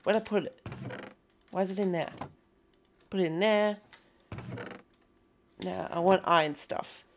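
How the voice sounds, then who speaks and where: A young woman talks her way through a game, bouncing between playful greetings to in-game creatures and quick muttered asides. She talks at an unhurried pace. Soft keyboard typing clicks along behind her. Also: on the low side, a little hiss or hum. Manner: chatty and excitable, greeting game characters in a playful voice. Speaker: gaming video host. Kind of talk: casual gameplay commentary.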